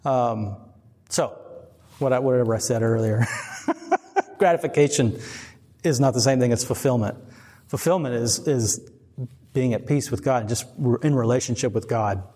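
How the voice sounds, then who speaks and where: A man's voice: mid-range voice, normal speed, long pauses, warm tone. A middle-aged man giving a casual, rambling sermon, earnest and often laughing. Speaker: preacher. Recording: long reverb.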